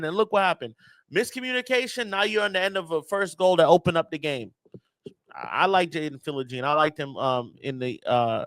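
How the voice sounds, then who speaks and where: Fan-channel host: man, high pitch, dry room, emphatic and exasperated. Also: a bit bright, no echo. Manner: emphatic, exasperated, addresses viewers directly. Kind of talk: casual reaction rant.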